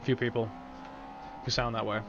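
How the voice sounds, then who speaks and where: A man's voice: mid-range voice, little pitch movement, normal speed, gravelly, fairly bright tone, lo-fi sound. Man chatting on stream with a sore throat. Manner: rambling, casual, swears freely. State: sore throat, speaking carefully. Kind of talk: casual live-stream chat while gaming.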